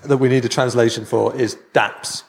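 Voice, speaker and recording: A man's voice: mid-range voice, steady tone, moderate pace, vocal fry. A man running a quiz on a casual podcast, playful and teasing, laughing a lot. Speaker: podcast co-host, quizmaster.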